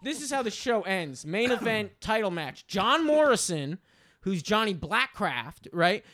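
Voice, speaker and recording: High-voiced man telling a rambling story. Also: a little slow. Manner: animated rambling storyteller, swears freely, many fillers. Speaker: podcast co-host. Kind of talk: casual podcast storytelling.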